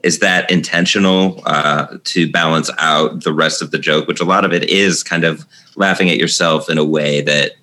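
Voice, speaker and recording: A man hosting a podcast asks a comedian about his craft in halting, restarting sentences. His voice is very deep yet bright and crisp. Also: fairly even intonation. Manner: halting, many fillers and restarts. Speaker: podcast host. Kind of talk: interview questions, casual chat.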